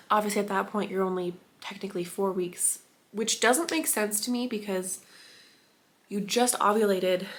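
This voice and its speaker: A young adult woman vlogging at home, telling an emotional personal story in a chatty way, filled with "like" and laughter. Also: mid-range voice. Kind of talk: casual storytime vlog. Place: at home indoors.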